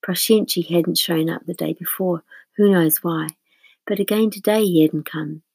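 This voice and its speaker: A woman reading a story aloud in a soft, partly whispered voice, with small restarts. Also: lowish voice, moderate pace, vocal fry, husky, no echo, poor audio. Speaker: narrator.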